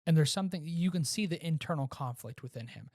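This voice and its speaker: A man co-hosting a podcast, casually reviewing a movie and retelling scenes with animated restarts. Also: a little high, fast talker, dry recording, clean studio sound. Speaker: podcast co-host.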